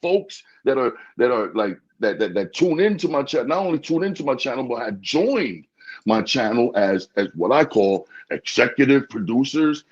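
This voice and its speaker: A man chatting casually in an interview, animated, often stammering and repeating words. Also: medium pitch, moderate pace, breathy edge. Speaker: podcast host being interviewed. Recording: dull lo-fi sound.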